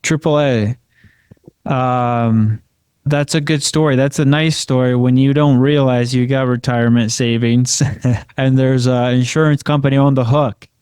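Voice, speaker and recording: A man's voice: medium pitch, steady tone, unhurried, darkish tone, clear, resonant tone, dry recording. A man co-hosting a finance podcast, talking confidently and often checking in with "right?". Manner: confident, tags questions with "right?". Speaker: podcast co-host, financial advisor. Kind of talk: casual explanatory talk.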